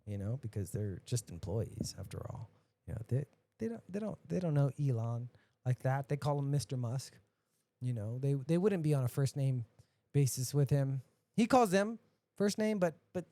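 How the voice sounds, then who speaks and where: A podcast host, a man, ranting casually and profanely, dropping to mutters and then bursting out loud. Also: medium pitch, lively intonation, moderate pace. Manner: profane, ranting, swings between mutters and outbursts.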